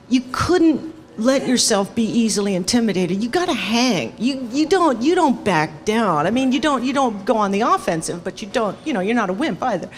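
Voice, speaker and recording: A woman, a former sound engineer, telling stories on stage to an audience in a lively, animated way. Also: fairly high pitch, big-room sound. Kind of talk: storytelling on stage.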